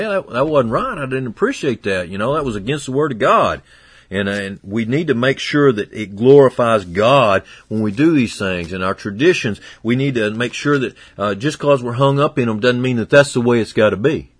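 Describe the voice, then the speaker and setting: Folksy preacher, husky voice. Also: male voice, mid-range voice, dry recording. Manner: folksy, conversational preaching with swings between loud and hushed. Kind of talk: sermon.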